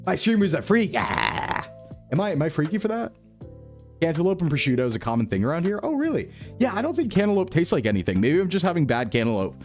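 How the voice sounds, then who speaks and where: Rambling upbeat streamer man, lively pitch. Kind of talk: casual live-stream chat reading viewer messages.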